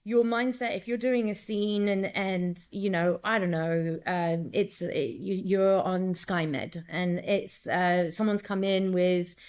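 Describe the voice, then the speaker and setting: A woman director and acting coach in a casual interview, talking in an animated way, acting out lines and quotes, with many restarts. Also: on the low side, slow pace, hardly any pauses.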